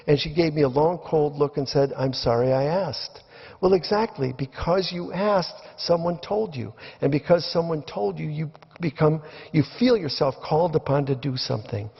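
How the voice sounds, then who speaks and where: Opening a debate with reflective remarks, an older man weaves in stories and acts out the quotes he uses. He speaks at a moderate pace in a voice that is a little high, gravelly and slightly rough. The lecture hall is reverberant, and the recording sounds dull and lo-fi.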